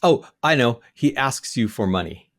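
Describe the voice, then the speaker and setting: A man's voice: medium pitch, expressive, moderate pace, fairly bright tone. A man co-hosting a podcast, listening closely and chiming in with wry remarks in casual chat. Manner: attentive listener, wry quips. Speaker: podcast co-host.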